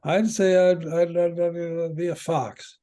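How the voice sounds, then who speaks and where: An older man, a veteran player, telling rambling stories from the old days with halting restarts. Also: fairly high pitch, little pitch movement, mellow. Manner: halting, many restarts while recalling. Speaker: guest, veteran padel player. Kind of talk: rambling anecdotal storytelling.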